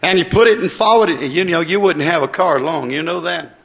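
Preacher, man, high-pitched, folksy and excitable, rising loud then dropping soft. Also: brisk, vocal fry. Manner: folksy and excitable, swinging between loud bursts and soft asides. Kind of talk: sermon.

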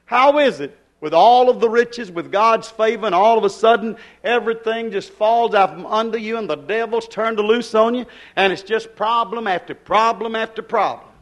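High-voiced male preacher, emphatic, hollers his questions. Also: moderate pace, hardly any pauses. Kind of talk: sermon.

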